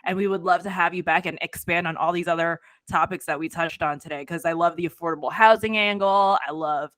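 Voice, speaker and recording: Bright, effusive young woman co-host. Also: on the low side, steady tone, dry recording. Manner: effusive, chatty, quick to laugh. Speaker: podcast co-host. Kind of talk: casual podcast chat.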